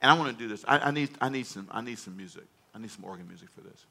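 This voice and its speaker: A man's voice: fairly low pitch, animated, very fast, gravelly, pushed and bright. A male pastor preaching a sermon, emphatic and humorous, in a storytelling manner.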